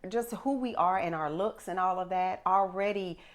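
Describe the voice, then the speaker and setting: Middle-aged woman host, low voice, emphatic and animated storytelling. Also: moderate pace. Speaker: podcast host. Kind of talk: casual chat.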